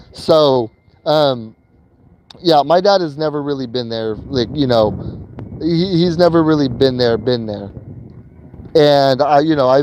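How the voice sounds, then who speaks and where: A man's voice: medium pitch, darkish tone, dull audio, a little hiss or hum. A man telling a personal story in a casual vlog while in a vehicle he is driving, talking loosely with slang and many fillers and repeats. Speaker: vlogger.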